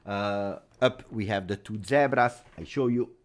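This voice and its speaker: A middle-aged man with an Italian accent hosts a casual football livestream. His voice sits low, and he talks in an animated way, repeating phrases for emphasis. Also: measured pace. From Italy. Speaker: football channel host. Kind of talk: casual livestream chat with viewers.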